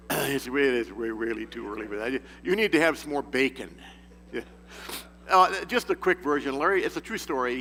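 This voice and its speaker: Speaking to a men's group in a church meeting room, this man delivers an informal sermon as a folksy storyteller who often chuckles and restarts his sentences. He has a medium-pitched, fairly bright voice, captured in an echoey hall with a faint hum.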